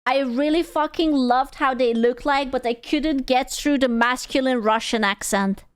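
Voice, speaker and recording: A woman's voice: high voice, measured pace, clear, resonant tone, dry recording, clean studio sound. A young woman streamer reacting to a video in casual, crude, jokey commentary, often stumbling and restarting her sentences.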